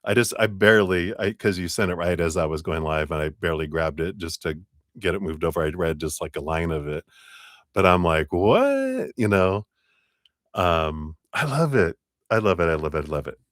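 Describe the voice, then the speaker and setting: A man's voice: low voice, fairly quick, fairly bright tone, dry recording, clean studio sound. A man hosting a live tarot reading stream, bubbly and giggly, breaking into sing-song sounds. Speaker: tarot reader.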